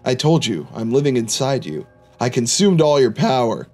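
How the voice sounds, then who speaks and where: A man voicing a sinister male demon in a horror game, with a flat read-aloud delivery. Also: medium pitch, normal speed, soft background music. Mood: calm. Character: sinister male demon who never left.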